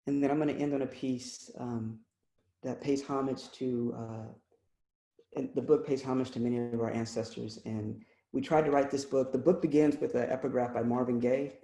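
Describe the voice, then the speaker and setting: A man reads his poems aloud over a video call, his voice dark and mellow. He speaks in a measured way, pausing with ums between pieces, and the call audio is echoey. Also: mid-range voice, fairly even intonation, creaky. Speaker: poet reading his work. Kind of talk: poetry reading with spoken introductions. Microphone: computer mic on a video call.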